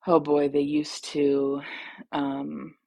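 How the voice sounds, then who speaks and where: A woman in her thirties with a very low voice speaks slowly and carefully as she calls in. Her delivery stays calm and thoughtful. The sound is dry and close, with no room around it. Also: gravelly, no echo. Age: 30s. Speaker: caller. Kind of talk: casual storytelling.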